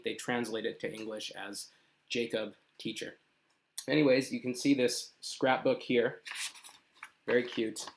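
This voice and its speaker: A man's voice: mid-range voice, a bit bright. Young male teacher from Canada, live-stream English lesson, chatty, patient, lots of fillers.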